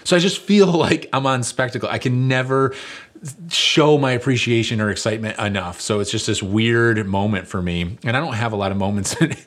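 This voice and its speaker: A man's voice: lowish voice, steady tone, a little fast, fairly bright tone. A middle-aged male lead pastor delivering a conversational sermon, telling stories with fillers and self-deprecating humor.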